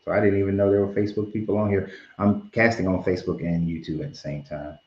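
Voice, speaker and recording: Male stream host, very low voice, calm and advising, roomy lo-fi sound. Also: fast. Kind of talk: live-stream talk. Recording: roomy, dull lo-fi stream audio.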